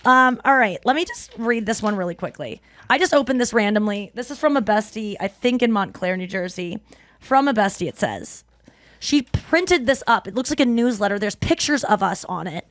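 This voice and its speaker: A woman hosting a podcast, animated and joking as she reads listener letters aloud. Her voice is dry and close to the mic. She breaks off into quick comments as she reads. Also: medium pitch, dry recording. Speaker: podcast host. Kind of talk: casual podcast chat, reading listener mail.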